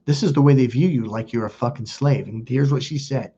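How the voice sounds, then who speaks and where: A man with a dark-toned, mid-range voice hosts a self-help video, heard with lo-fi sound and slight background noise. He tells personal stories in a casual, confessional way, blunt and profane, with quick asides.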